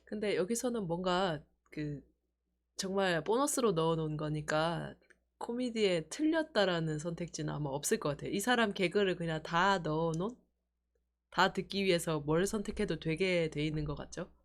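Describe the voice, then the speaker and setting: Fast-talking woman streamer. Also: lowish voice, expressive. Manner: casual, amused asides. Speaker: game streamer. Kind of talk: casual live-stream commentary.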